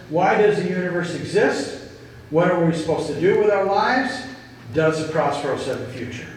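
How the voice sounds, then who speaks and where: A man giving an earnest inspirational talk to a gathered group, telling stories slowly and with emphasis. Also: fairly high pitch, a little hiss or hum. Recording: echoey hall, distant mic.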